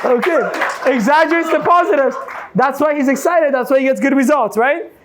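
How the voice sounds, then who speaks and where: A man giving an energetic motivational seminar talk, quizzing a live audience with "yes or no?" and playing out examples. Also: very high-pitched, a little fast, over a noisy crowd, heavy background noise. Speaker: motivational coach.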